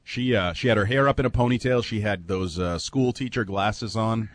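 A man's voice: on the low side, normal speed, no room sound. A man co-hosting a casual sports talk show, telling rambling, jokey stories. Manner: rambling, jokey storytelling with laughs. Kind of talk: casual sports radio chat.

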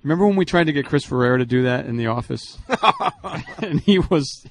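A man co-hosting a casual sports radio show, firing off quick wisecracks. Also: mid-range voice, lively intonation.

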